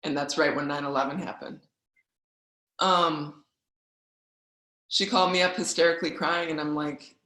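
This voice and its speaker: A woman's voice: sits low, fairly even intonation, moderate pace, long pauses, sharp tone. Woman telling her story in an echoey room. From Wisconsin, US Midwest. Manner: candid, conversational storytelling with fillers. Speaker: guest speaker. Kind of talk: personal storytelling talk. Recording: roomy echo.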